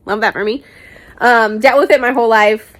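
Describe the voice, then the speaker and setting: A woman's voice: fairly high pitch, steady tone, normal speed, a bit bright. A young woman vlogger answering viewer questions in a candid, chatty, self-mocking way, swearing casually now and then. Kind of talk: casual Q&A chat to camera.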